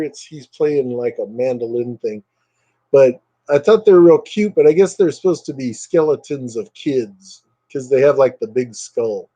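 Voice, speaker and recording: A man hosting a casual livestream, rambling and reading viewer comments aloud, with lots of hesitant fillers. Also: medium pitch. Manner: relaxed, hesitant with many fillers. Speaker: livestream host.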